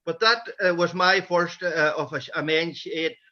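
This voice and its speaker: A man's voice: fairly high pitch, steady tone, moderate pace, pushed and bright. A man with a Donegal Irish accent telling rambling stories about his men's shed over a video call. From Ireland. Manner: rambling anecdotal storytelling. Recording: dull lo-fi video call audio.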